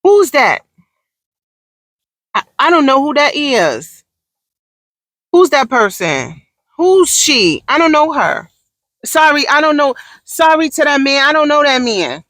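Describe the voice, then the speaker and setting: A woman's voice: high-pitched, big pitch swings, takes it slowly, long pauses, fairly bright tone, no echo, clean studio sound, heavily acted. A woman doing an impression of a haughty female diva who airily claims not to know someone. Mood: dismissive. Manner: dismissive, airy, repetitive.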